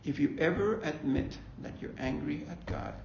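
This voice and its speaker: In a higher, creaky, slightly mellow voice at normal speed, a man leads a faith-based talk on grief. He's a grief ministry leader who speaks conversationally, frequently repeats himself, and checks in with "okay?". Slight background noise accompanies the dull, lo-fi sound of an echoey room.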